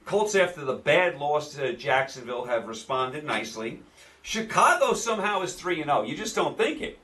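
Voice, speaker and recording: A man's voice: on the high side, very animated, moderate pace, sharp tone, recorded from a distance. A man with a New York accent giving casual, opinionated sports betting picks as host, repeating himself for emphasis.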